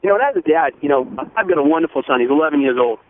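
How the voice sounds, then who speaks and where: A man eagerly telling a proud story as a phone-in guest, earnest and rushing, restarting his sentences. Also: a little high, animated. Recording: tinny phone line with faint noise.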